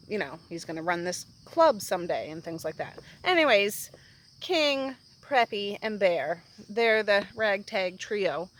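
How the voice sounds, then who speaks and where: Brief: chatty female book host, casual rambling recap, mid pitch. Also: slight background noise, poor audio. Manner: rambling, chatty, animated storytelling.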